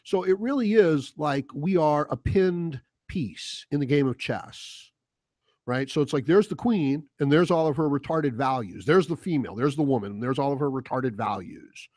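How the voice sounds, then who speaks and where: A man with a fairly high-pitched voice for a man, ranting in a blunt, sarcastic, rambling way. The sound is close and dry, with no room echo. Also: animated, normal speed, darkish tone. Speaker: host. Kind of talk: opinion rant vlog.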